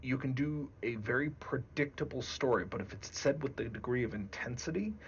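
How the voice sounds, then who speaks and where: A man speaking as a guest game master in a casual discussion, deliberate and emphatic. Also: mid-range voice, lively intonation, muffled recording, slight background noise.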